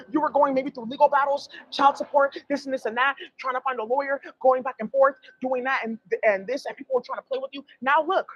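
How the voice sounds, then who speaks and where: A woman's voice: high voice, husky, muffled recording. A woman giving a blunt, rambling tarot reading to her viewers, emphatic and profane. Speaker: tarot reader.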